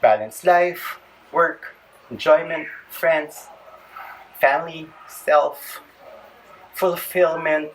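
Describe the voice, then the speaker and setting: Extremely slow and pausing often, this slightly high-voiced man with a Filipino accent runs through a yoga stretching routine as a fitness vlogger. He chats, cracks jokes on the side, and sounds a bit out of breath. Faint background noise is audible on the distant mic.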